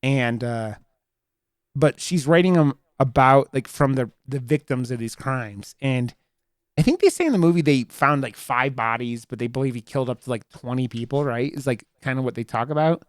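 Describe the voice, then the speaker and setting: Smooth-voiced man rambling through a movie review. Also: medium pitch, lively intonation, normal speed, no echo, studio quality. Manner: rambling, full of fillers and restarts. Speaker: podcast co-host. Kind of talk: casual movie review chat.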